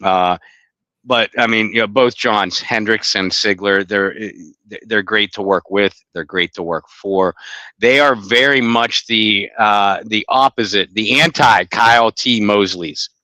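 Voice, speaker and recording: A man's voice: lowish voice, pushed and bright, no room sound. Rambling, blunt male podcast co-host. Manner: rambling, halting, with many restarts and blunt profanity. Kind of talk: casual podcast chat.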